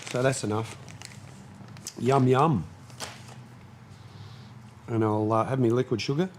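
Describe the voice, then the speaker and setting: A man hosting a casual live stream from his shed, chatting slowly and snapping commands at his dogs. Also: mid-range voice, fairly even intonation, a little hiss or hum. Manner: slow, chatty, scolding his dogs in sharp bursts. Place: home workshop shed.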